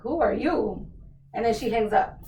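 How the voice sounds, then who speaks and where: A woman's voice: fairly high pitch, a little slow. Young New Jersey woman, roomy distant sound. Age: young adult. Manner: animated, acts out quoted dialogue. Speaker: podcast guest. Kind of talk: casual storytelling. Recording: roomy, distant mic, faint background noise.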